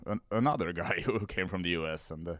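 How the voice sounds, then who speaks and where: A man's voice: low voice, fast talker, fairly bright tone, dry recording, clean studio sound. A man whose first language is Swedish, hosting a comedy podcast in a casual chat, hesitant with many fillers and restarts.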